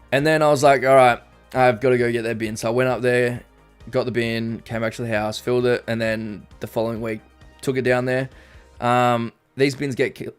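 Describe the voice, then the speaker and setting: Rambling Australian man streaming. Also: medium pitch. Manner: rambling, reads chat aloud, frequent ums. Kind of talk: casual live-stream chat. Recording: faint background music.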